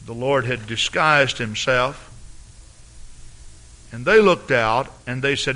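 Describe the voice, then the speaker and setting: A pastor preaching a sermon with dramatic storytelling and big swings in loudness. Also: male voice, mid-range voice, slow pace, pauses often.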